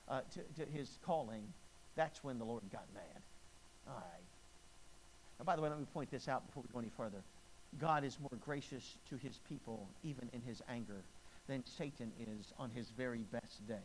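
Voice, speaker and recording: A middle-aged man preaching with dramatic swings, rising to loud, emphatic peaks and dropping to quiet, intense lows. His voice sits a little high for a man. A faint hiss of noise runs under the recording. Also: rough recording. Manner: dynamic preaching, swinging between booming emphasis and hushed low delivery. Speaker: pastor. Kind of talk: sermon.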